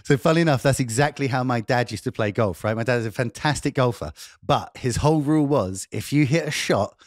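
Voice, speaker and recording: A man's voice: medium pitch, brisk, dry recording, clean studio sound. A man hosting a live online talk show, rambling jokily and teasing himself as he introduces his guest. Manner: jokey, rambling, self-mocking. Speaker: host.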